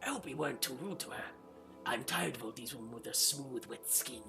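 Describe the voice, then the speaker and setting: A man voicing a gruff male reptilian guard lieutenant in a read-aloud fantasy story, speaking low, quiet and steady. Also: fairly quick, music in the background, close to an everyday voice. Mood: calm.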